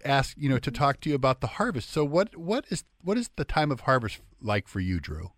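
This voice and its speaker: A man co-hosting a radio talk show, asking questions in a halting way with frequent restarts. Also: mid-range voice, big pitch swings, no echo, clean studio sound. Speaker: radio co-host.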